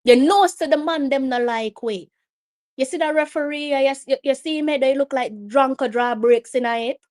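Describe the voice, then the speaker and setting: A woman with a Jamaican accent and a fairly high voice, hosting a live match watch-along. She talks with raw emotion, pleading with the players and slipping between Patois and English as her reactions tumble out. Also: normal speed, a little mellow.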